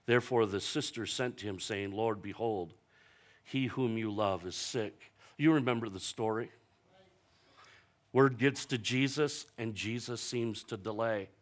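A man preaching a sermon as pastor, telling stories animatedly and slowing down for emphatic, repeated lines. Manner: animated storytelling, acting out quoted voices with big jumps in pitch and loudness; preaching with slow, emphatic repetition.

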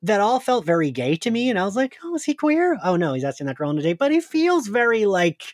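A man's voice: high voice, very animated, fast, no echo, studio quality. A man co-hosting a podcast, chatting casually, laughing often and searching for words. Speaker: podcast co-host. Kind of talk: casual chat.

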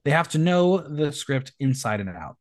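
A man's voice: on the high side, moderate pace. A man hosting a podcast, recapping a reality show in a gossipy, campy way. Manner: animated, gossipy, campy asides. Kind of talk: casual chat.

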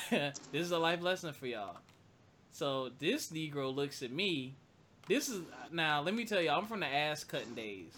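A man's voice: fairly high pitch, a little hiss or hum. A man telling a childhood story in a casual, profane chat, laughing often. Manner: animated, laughs loudly, profane. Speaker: co-host.

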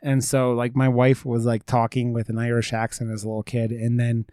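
A man's voice: mid-range voice, completely flat delivery, a little fast, warm tone, smooth, no echo. An American man chatting casually as a podcast co-host. He rambles and curses freely, stacking up fillers as he goes. His voice sits mid-range and sounds dry and close. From United States. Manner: rambling, profane, full of fillers. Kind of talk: casual chat.

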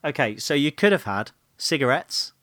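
A playful male podcast co-host chats casually, his pitch swinging widely as he spins a silly scenario. His voice sits very close and dry on the mic, with no room sound. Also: lively intonation, normal speed, fairly bright tone, no echo. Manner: playful, giggly storyteller. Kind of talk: casual chat.

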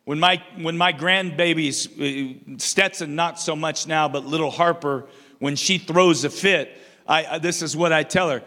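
Bright, high-voiced older pastor preaching. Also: male voice, unhurried, long reverb tail. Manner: call-and-response preaching, repeats and restarts phrases. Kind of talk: sermon. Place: church sanctuary.

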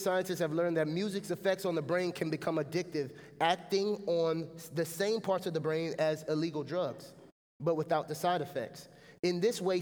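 Male pastor, fairly high voice, animated sermon, long church reverb. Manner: animated preaching, often asking "right?" to the congregation. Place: church sanctuary. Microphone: stage mic.

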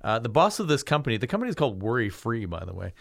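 A man's voice: medium pitch, very animated, racing, gravelly, dry recording, clean studio sound. A man casually chatting about a film he picked, rambling with many fillers and restarts. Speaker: podcast co-host. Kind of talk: casual film review chat.

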